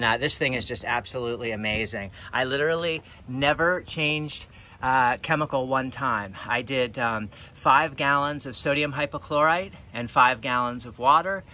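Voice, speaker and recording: A man's voice: medium pitch, noisy background. Chatty man filming an outdoor walkthrough. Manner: filming himself while walking around a house; chatty, plain-spoken, many ums and uhs. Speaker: pressure washing business owner. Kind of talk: casual walkthrough vlog. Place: outdoors at a house.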